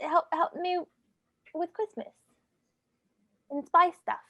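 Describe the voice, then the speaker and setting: High, slow, hesitant woman player, faint music behind. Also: pushed and bright, dull audio. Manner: hesitant, giggly, full of ums. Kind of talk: in-character backstory in tabletop game.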